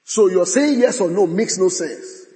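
A man preaching a sermon, swinging from bold declarations to hushed asides and reciting scripture. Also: high-pitched, animated, measured pace. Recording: long hall reverb.

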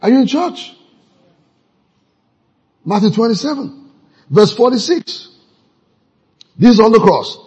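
Male preacher, husky and raised in pitch, reads verses and quizzes the congregation. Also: sing-song, slow, long pauses, darkish tone, poor audio. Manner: questions the congregation and reads scripture aloud, rising to emphatic peaks. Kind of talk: call-and-response sermon.

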